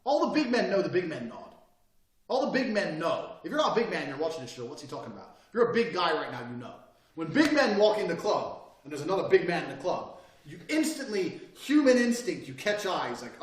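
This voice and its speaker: A man's voice: fairly high pitch, big pitch swings, brisk. A man teaching a recorded course in a swaggering, boastful and profane manner. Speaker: course instructor. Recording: roomy echo, mic set far off.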